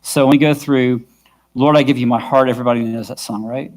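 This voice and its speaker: A man's voice: mid-range voice, fairly even intonation, quick pace, a little mellow. A man teaching a vocal workshop to a church worship team, patient and often checking that the group is following. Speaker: worship music instructor. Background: his own guitar.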